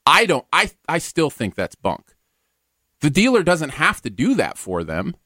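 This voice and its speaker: Man, radio co-host, lively swooping voice, laughs a lot, dry studio. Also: fairly high pitch, measured pace, no echo. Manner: animated, laughs often, jokey. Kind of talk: casual news chat.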